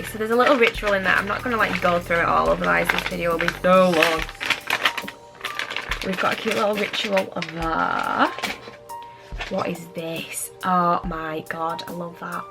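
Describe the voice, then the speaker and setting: A chatty woman vlogging an unboxing in a rambling, excitable way, slightly out of breath. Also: medium pitch, vocal fry, rough recording. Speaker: beauty vlogger. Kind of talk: casual unboxing chat.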